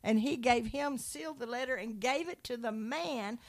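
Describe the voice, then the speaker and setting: A woman in a Christian conversation, teaching from the Bible with animated storytelling and acted-out quotes. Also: fairly high pitch, moderate pace. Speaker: Christian speaker.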